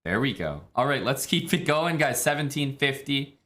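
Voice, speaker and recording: A man from Canada, streaming chess in a relaxed, chatty way with many fillers. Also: medium pitch, moderate pace. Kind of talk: casual live-stream commentary.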